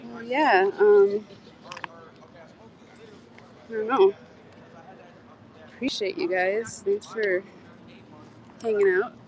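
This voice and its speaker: A woman's voice: mid-range voice, fairly even intonation, drawn-out words, pauses often, darkish tone, highs cut off. A woman chatting to viewers on a casual live stream while walking a city street at night, rambling and laughing easily, with the phone held close to her face. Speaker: livestreamer.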